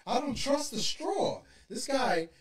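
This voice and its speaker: A man's voice: very high voice, very animated, takes it slowly, roomy sound, recorded from a distance. A man from Brooklyn with a New York accent, hosting a casual podcast, steering the talk in a laid-back, profane way. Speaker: podcast host.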